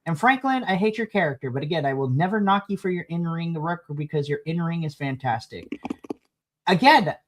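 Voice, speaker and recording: Animated wrestling podcast co-host. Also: a little fast, slight background noise. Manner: animated, lively swings in pitch, laughs often. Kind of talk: casual wrestling review chat.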